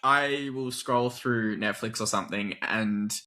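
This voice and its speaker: A man's voice: on the low side, a little slow, sharp tone. A young man from Australia, a guest actor chatting casually in an interview, laid-back and laughing often, with plenty of "like" fillers.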